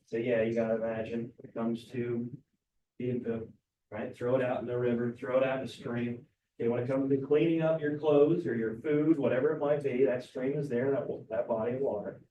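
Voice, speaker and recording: A man's voice: medium pitch, fairly even intonation, fairly quick, mellow, muffled recording, a little hiss or hum. A male teacher giving a casual classroom lecture, often checking in with "right?". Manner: casual, keeps asking "right?". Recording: roomy classroom, mic far off.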